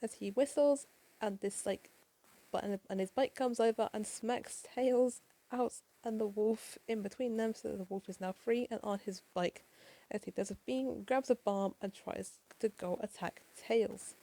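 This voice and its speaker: A woman reading a comic aloud for her viewers, breaking off for chatty asides and a few swear words. Her voice has a gravelly edge and sits a little high. The tone is mellow. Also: unhurried, rough recording. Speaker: comic reader. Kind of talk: casual comic read-along with commentary.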